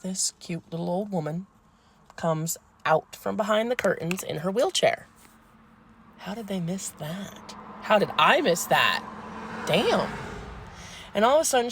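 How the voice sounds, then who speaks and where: A woman telling a funny story in an animated, crude, playful way. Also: fairly low pitch. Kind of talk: casual comedic storytelling.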